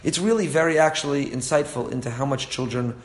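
A man's voice: mid-range voice, fast, a crowd in the background. A man teaching a religious class, reading passages and explaining them earnestly, often repeating phrases and chuckling at his own stories. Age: young adult to middle-aged, father of a four-year-old. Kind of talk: Torah class, reading texts and translating.

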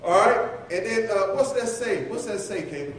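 A man's voice: high voice, lively intonation, normal speed, a bit bright, a little hiss or hum. A middle-aged man preaching a conversational sermon, playfully teasing and calling on listeners by name. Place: church sanctuary. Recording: echoey church from far off.

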